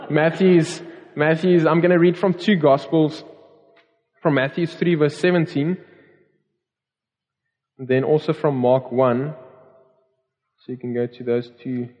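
A man's voice: medium pitch, a little mellow. Earnest preaching man in a reverberant hall. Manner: earnest preaching with repeated phrases and restarts. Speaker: pastor. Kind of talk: sermon. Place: church hall. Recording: dull recording in a long-reverb hall.

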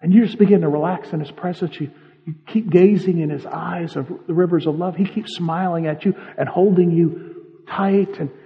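Emotive preacher in an echoing hall. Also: male voice, high voice, normal speed. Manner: vivid second-person storytelling, emotive. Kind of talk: guided-imagery sermon. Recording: dull, reverberant hall.

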